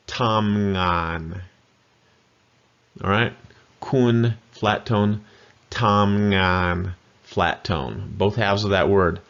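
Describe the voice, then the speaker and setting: A man teaching pronunciation in a video lesson, patiently repeating syllables slowly. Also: low voice. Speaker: language teacher. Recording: muffled lo-fi audio.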